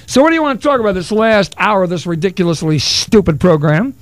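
Middle-aged guy doing radio talk, rambly jokey host, kinda high voice, dry close studio mic. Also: very animated, fast, no echo. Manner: rambling, wisecracking, self-mocking. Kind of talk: solo radio talk, taking calls. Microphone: studio broadcast mic.

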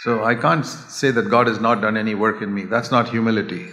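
An older man preaching a sermon, earnest and pleading, dropping to a hush and then rising to a raised voice. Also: fairly low pitch, fairly even intonation, fairly quick. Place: church hall. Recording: echoey hall.

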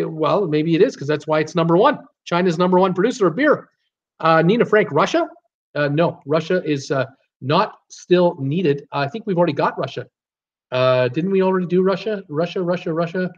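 A Canadian man with a fairly high-pitched voice hosts a casual trivia game on a live stream, reading viewer guesses aloud and chatting and joking in between. The sound quality is lo-fi.

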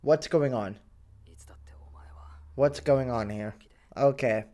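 A woman giving casual reaction commentary on an anime, excitable, swearing and repeating words in bursts. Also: a bass voice, slow.

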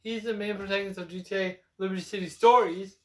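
A man's voice: sits high, fairly even intonation, fast, darkish tone. A young man chatting casually about video games as a co-host, rambling and self-assured. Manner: rambling, self-assured, claims insider knowledge. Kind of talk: casual gaming chat. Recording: echoey room.

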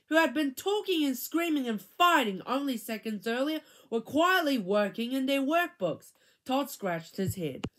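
A woman reading a children's chapter book aloud, with an expressive, animated delivery. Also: on the high side. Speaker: reader.

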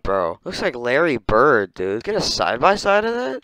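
A young man doing casual reaction commentary from his bedroom, excitable and swearing, swinging between low mumbles and loud disbelief. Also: normal speed, few pauses, slight background noise. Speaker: streamer ranking animals.

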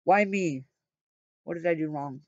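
A man reading out a nervous young male writer who pleads, hesitant and flat, on a dry, slightly dull recording. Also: a little high, unhurried, no echo. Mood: pleading.

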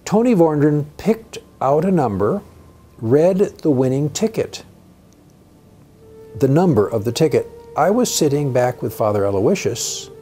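A man in a documentary interview, telling an anecdote in a steady, matter-of-fact way. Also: a little high.

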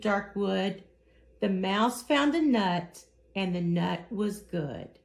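A woman reading a children's picture book aloud in a slow, expressive storytelling manner. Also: mid-range voice, gravelly. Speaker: story reader.

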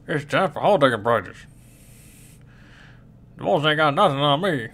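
A man's voice: fairly high pitch, expressive, moderate pace, fairly bright tone. A man voicing a small, boastful male mole cricket in a raised voice. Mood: cocky.

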